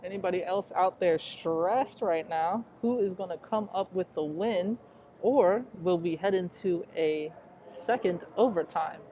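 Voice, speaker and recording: A woman doing play-by-play for a high school basketball game, nervous and excitable, chatting to listeners between plays. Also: measured pace. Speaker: play-by-play announcer. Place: school gym during a game. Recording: noisy gym sound. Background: crowd ambience and bouncing basketballs.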